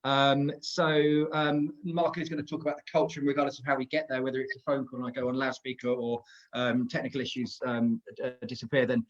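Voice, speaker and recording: A man speaking as a guest on an online webinar, halting and full of restarts and fillers. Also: medium pitch, level tone. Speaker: panel guest. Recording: muffled video-call audio.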